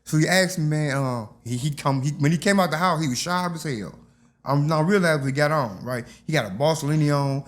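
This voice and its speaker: A man's voice: on the high side, a little fast. An older man, telling stories from his youth in a casual interview and acting out the voices. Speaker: interview guest.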